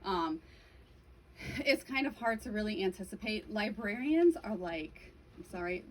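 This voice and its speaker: A woman's voice: medium pitch, lively intonation, unhurried, crowd noise, rough recording. A young adult woman giving a casual presentation to an audience, chatty, with frequent "um" and "like". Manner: chatty, many fillers like "um" and "like". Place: bookstore event room.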